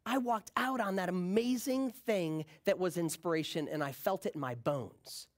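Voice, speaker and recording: A man's voice: high-pitched, normal speed. A man giving a conference talk, telling a personal story casually and acting out the people in it. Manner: animated, acts out the people in his stories; casual, slangy. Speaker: keynote speaker.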